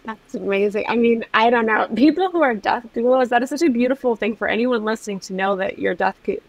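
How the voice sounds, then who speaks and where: A woman from New Jersey, a podcast guest, with a gravelly, fry-edged voice. She talks haltingly, restarting phrases as she hunts for the right words. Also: a little high, no echo, rough recording. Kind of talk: casual interview talk.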